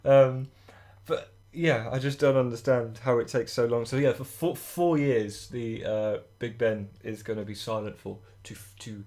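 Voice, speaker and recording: A young Englishman co-hosting a chatty podcast, with a mid-pitched man's voice. He rants about everyday annoyances and often restarts his sentences. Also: steady tone, darkish tone. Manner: ranting, halting, drawn-out. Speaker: podcast co-host. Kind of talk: casual chat.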